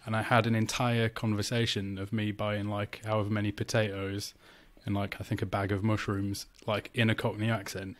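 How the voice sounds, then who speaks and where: Brief: low-pitched Yorkshire-raised man, jokey storyteller, relaxed home chat. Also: normal speed, few pauses. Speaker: guest composer. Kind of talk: casual chat. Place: home flat.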